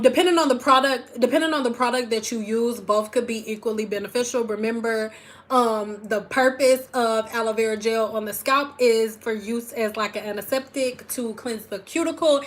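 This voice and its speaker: Chatty woman from Detroit hosting a livestream. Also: fairly high pitch. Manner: chatty, animated, swings from loud squeals to soft asides. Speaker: hair care livestream host. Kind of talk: casual livestream chat.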